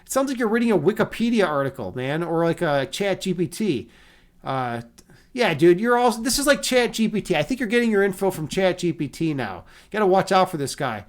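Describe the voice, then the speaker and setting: Reading comments from his chat, this meditation teacher and streamer keeps it loose, rambling, and full of profanity. He speaks with a high, sing-song voice at a fairly quick clip.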